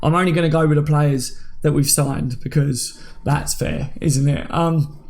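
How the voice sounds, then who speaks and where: Man, 30s, livestream host, gravelly fry, slightly high voice, chatty banter with viewers. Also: steady tone, measured pace, a little mellow. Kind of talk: casual live chat reading comments.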